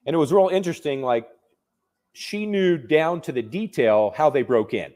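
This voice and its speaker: Man, mid-pitch, real estate investor, casual storyteller, conversational with fillers. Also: sing-song, normal speed, darkish tone. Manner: conversational, restarts and fillers, vivid retelling.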